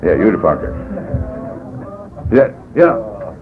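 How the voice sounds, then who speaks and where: A man's voice: lowish voice, very animated, measured pace. A man speaking at a recovery meeting, telling his story in a rambling, folksy way with wry humor. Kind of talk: personal testimony talk. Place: meeting room. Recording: tinny lo-fi tape with faint hiss.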